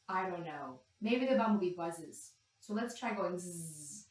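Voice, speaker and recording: A woman leading a yoga class for young children, talking them gently and playfully through animal poses and animal sounds. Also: lowish voice, lively intonation, measured pace. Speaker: kids yoga instructor. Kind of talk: guided kids yoga class. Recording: echoey room, distant from mic.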